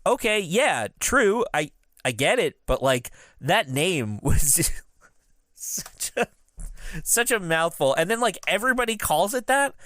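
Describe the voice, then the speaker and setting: A man's voice: sits high, very animated, a little slow, a bit bright, dry recording. Man, 30s, podcast co-host, laughing recap, dry close sound. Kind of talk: casual recap chat.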